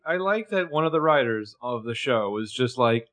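Guy on a podcast going over a tv episode, playful, normal pitch. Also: expressive, moderate pace, a bit bright. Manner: playful, quotes characters in put-on voices. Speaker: podcast co-host recapping a TV show. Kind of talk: casual chat.

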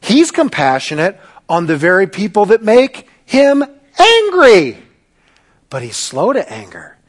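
A male pastor preaching a sermon, dramatic and sarcastic, swinging between loud bursts and hushed asides. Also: fairly high pitch, husky.

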